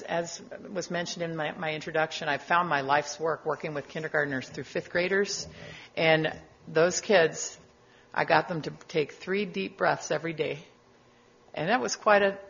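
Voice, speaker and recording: A middle-aged woman giving a sermon as a guest speaker, gentle and reflective, with casual asides. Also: lowish voice, lo-fi sound.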